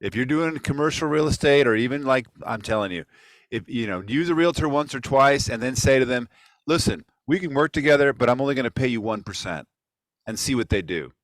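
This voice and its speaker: A man's voice: medium pitch, lively intonation, a little fast, no room sound, rough recording. A man hosting a casual online real estate talk, making blunt, emphatic points. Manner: emphatic, preachy opinions. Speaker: podcast host.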